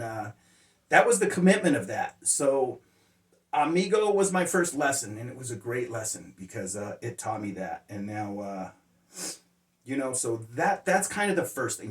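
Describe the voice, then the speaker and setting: A man telling personal stories as life lessons in a casual, rambling way, full of "uh" fillers and blunt, profane language. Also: medium pitch. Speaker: motivational speaker sharing life lessons. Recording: roomy sound, distant mic.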